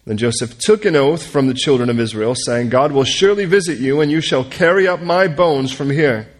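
A man reading a Bible passage aloud to a group in an earnest, unhurried way, now and then stumbling and correcting himself. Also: medium pitch, animated. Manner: earnest reading with stumbles and corrections, coaxes listeners to repeat names. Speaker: Bible teacher. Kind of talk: reading scripture aloud and leading prayer.

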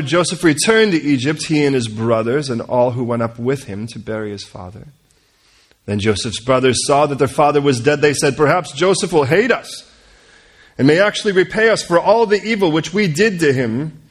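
Earnest man reading scripture aloud. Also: medium pitch. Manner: earnest reading with stumbles and corrections, coaxes listeners to repeat names. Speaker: Bible teacher.

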